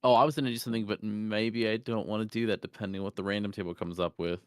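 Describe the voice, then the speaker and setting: A man's voice: lowish voice, steady tone, quick pace, clear, resonant tone, no echo, studio quality. A man playing a tabletop game, speaking for his character in a hesitant, sheepish way. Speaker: player.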